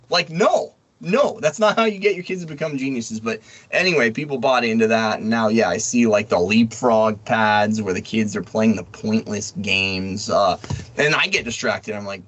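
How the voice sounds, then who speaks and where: A man's voice: lowish voice, normal speed, a bit bright. A man co-hosting a casual podcast, blunt and mocking, talking loosely with fillers and the odd laugh. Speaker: podcast co-host. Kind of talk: casual opinionated chat.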